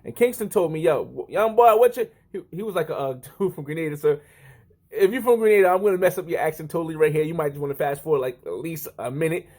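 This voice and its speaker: A man's voice: fairly high pitch, fast talker, darkish tone. Rambling, self-correcting man vlogger. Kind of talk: casual talk to camera.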